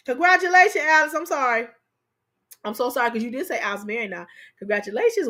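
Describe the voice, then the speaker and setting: A woman with a high-pitched voice hosts a livestream, speaking a little fast. She chats casually and playfully, talking straight to her viewers, and she's animated and laughs often.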